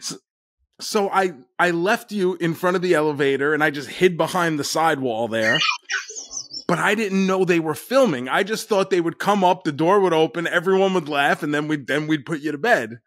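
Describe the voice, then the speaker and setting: A man telling a story in casual chat as a podcast guest, deadpan and often laughing. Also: a little high, moderate pace.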